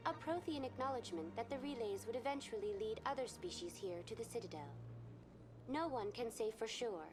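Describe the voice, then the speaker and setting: A woman voicing a calm virtual station guide. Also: a little high, lightly acted, low-quality recording. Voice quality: polished, even, informative delivery. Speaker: in-game information terminal. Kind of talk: scripted game voice acting. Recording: game audio with music behind.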